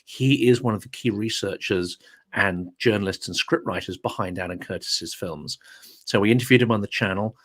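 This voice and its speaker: A man with a low voice speaks as a guest on a live stream. He is earnest and measured and states his points firmly. His delivery stays steady and conversational. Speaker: guest, political channel host. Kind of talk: casual live chat.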